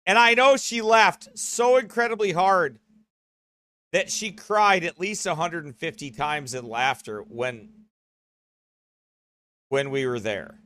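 A man hosts a broadcast, rambling casually, frequently checking in with "okay?" or "right?" and laughing often as he talks. His voice sits a little high and sounds bright and forceful, with a slow pace and frequent pauses.

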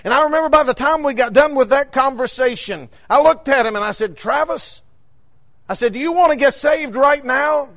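A man preaching a sermon, telling a personal story and rising fervently to shouts on key points. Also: very high voice, a little fast, few pauses.

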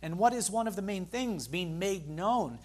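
Earnest preacher, slightly high-pitched man. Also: animated, a little mellow. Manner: earnest, slows and stresses key phrases; addresses the congregation directly. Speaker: pastor. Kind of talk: sermon.

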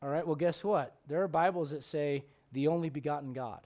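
A man preaching a sermon as pastor, swinging between loud emphatic questions and low, quiet asides. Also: a little fast.

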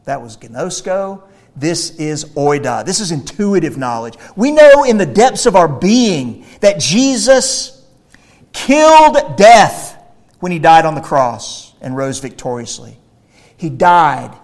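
A man preaching a sermon, emphatic, swinging between quiet explanation and loud, forceful declarations. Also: a little high, expressive, unhurried.

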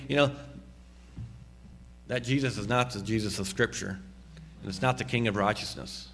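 A man preaching a sermon, slowing down and dropping low on key phrases and rising sharply when he exhorts. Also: a bit bright, a little hiss or hum. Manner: emphatic, slows and drops low on key phrases; rises sharply in pitch and volume when exhorting. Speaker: pastor.

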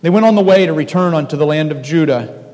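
A man with a somewhat high voice delivers a sermon in an earnest pastoral tone. He speaks directly to his congregation. His voice rings out with a long reverb from a church hall. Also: fast talker, mellow.

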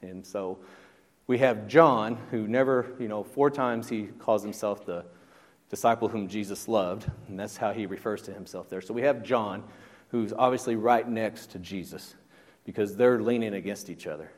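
A man's voice: fairly low pitch, normal speed, long reverb tail. A man preaching a sermon as pastor, in a conversational way that keeps asking the congregation questions. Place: church.

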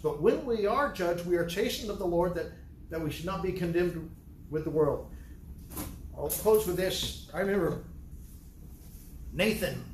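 Male pastor, high voice, earnest emphatic sermon delivery, echoey church room. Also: slight background noise. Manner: earnest, emphatic preaching with repeated restarts. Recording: roomy hall sound.

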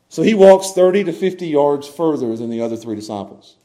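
A middle-aged man preaches with a notably high voice. He sinks into quiet, hushed passages, then climbs into loud, impassioned crying out. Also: expressive, moderate pace. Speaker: pastor. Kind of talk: sermon.

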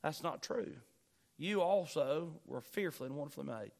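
Man, pastor, sermon, raised voice on key lines, fairly high pitch. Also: animated, moderate pace, creaky, a little mellow. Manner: preaching with rising emphasis, repeating key phrases.

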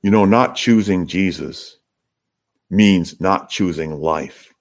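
A man's voice: low-pitched, slow pace. A man preaching a sermon as pastor, earnest and emphatic, lifting his voice when he acts out the crowds. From Canada.

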